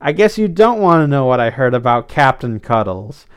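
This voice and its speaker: A man's voice: mid-range voice, sing-song, normal speed, clear, resonant tone, lightly acted. A man voicing an earnest, fussy male hedgehog pet in a read-aloud story. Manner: earnest, slightly exasperated.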